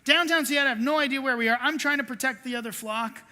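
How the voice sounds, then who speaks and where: A woman's voice: sits high, fast talker, sharp tone, a little hiss or hum. A woman pastor preaching a sermon, telling a story with self-deprecating humor and acting out the quotes. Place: church sanctuary. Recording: reverberant church hall.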